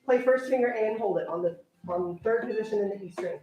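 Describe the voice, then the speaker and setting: A young woman orchestra teacher directing a string rehearsal, briskly counting off and coaching her players. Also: mid-range voice, mellow, distant mic, soft background music. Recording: echoey room, voice from afar, strings playing.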